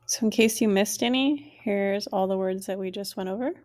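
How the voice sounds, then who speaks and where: A woman teaching a language lesson, saying each word slowly and clearly and then repeating it. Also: mid-range voice, steady tone, a little mellow.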